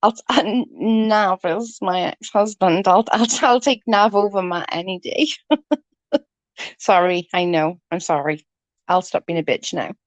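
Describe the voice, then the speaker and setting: Stuffed up with hay fever, a livestream host reads out her chat's comments and chats casually, swearing freely and giggling. Her voice is on the low side, expressive and a little slow, captured on a close computer mic with no room sound.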